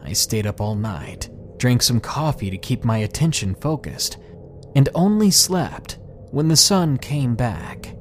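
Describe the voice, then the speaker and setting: A man narrating a first-person horror story in a dramatic, scripted storytelling manner, slowing down on tense phrases. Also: mid-range voice, slight background noise. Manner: lively, dramatic storytelling with slowed emphatic phrases.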